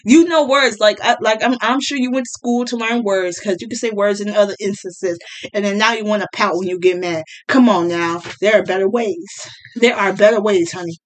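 A woman's voice: mid-range voice, brisk. A young woman ranting bluntly and sarcastically to camera as a vlogger. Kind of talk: casual rant to camera.

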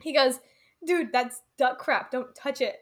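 Young woman podcast cohost, really high voice, lots of "like" and giggles. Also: a little slow. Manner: giggly storytelling, many "like"s. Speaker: podcast co-host. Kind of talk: casual chat.

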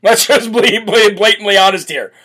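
A man hosting a political talk show, talking in a brash, blunt and forceful way, often repeating himself for emphasis. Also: high-pitched, moderate pace, husky. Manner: repetitive, emphatic restarts. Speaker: host.

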